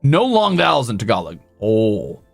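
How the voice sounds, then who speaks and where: A man's voice: on the low side, wildly swooping pitch, moderate pace, vocal fry, no echo, faint music behind. A male streamer chatting casually with his viewers, rambling and poking fun at himself. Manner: rambling, self-deprecating, talks to chat. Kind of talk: casual livestream chat.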